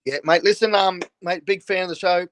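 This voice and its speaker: A man's voice: sits high, fairly even intonation, fairly quick, a bit bright, dry recording. An older Australian man, a guest, telling stories frankly in casual chat and laughing often, joining over a video call. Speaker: guest, former rugby league player.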